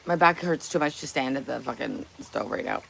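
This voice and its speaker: A woman's voice: rumbling low, animated, fairly quick, creaky, a bit bright. Woman, livestream host, casual chat, blunt, profane, teasing, faint background noise at home. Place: home kitchen.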